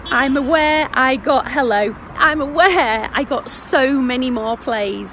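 A woman's voice: high-pitched, slow. Chatty Northern woman vlogging outdoors. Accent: Northern English. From North West England. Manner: chatty, self-deprecating, animated asides. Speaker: theatre vlogger. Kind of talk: casual vlog previews. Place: outdoors by a road. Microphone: phone at arm's length. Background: traffic.

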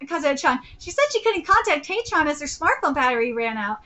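High, bright woman reading a comic aloud. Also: a little fast. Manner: switches between low, even reading and shrieking fan excitement. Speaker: streamer reacting to a comic.

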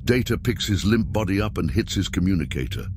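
Man, sketch narrator, low voice, deadpan reading, noisy hiss behind. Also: a little fast. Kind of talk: scripted narration.

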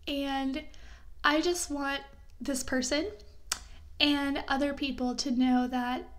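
A woman's voice: high voice, little pitch movement, slow pace. A young woman vlogger speaking heartfelt and reassuring words straight to her viewers, getting emotional at times. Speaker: lifestyle vlogger. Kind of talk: heartfelt talk to camera.

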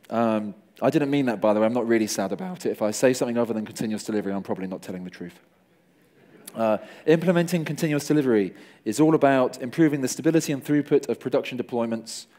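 A man's voice: lowish voice, dark tone. A man from Cornwall giving a conference talk in a toned-down Cornish English accent, with self-deprecating jokes and asides. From Cornwall, England. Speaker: conference speaker. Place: conference hall.

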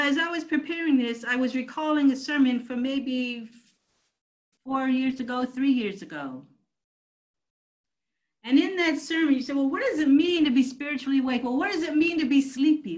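A woman's voice: high-pitched, expressive, moderate pace, rough recording. A woman pastor preaching a sermon, emphatic and calling out to her congregation. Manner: emphatic preaching, calls out to the church.

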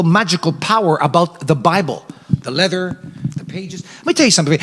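Brief: male pastor, animated sermon delivery, high voice, long church reverb. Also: breathy edge. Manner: animated preaching, acts out quoted characters. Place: church sanctuary.

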